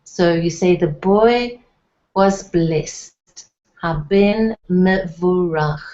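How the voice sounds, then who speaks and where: Female teacher, lowish voice, unhurried, patient explainer; dull lo-fi recording. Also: a little mellow. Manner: patient, explains step by step with many fillers. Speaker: Hebrew teacher. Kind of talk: slow, careful language lesson.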